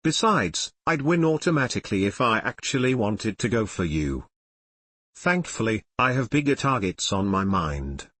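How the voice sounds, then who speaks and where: Man doing a curt hostile young woman fighter, hissing, storybook reading, lively lilt, dry sound. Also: lowish voice, moderate pace, no room sound. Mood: cold. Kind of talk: audiobook reading of fan fiction.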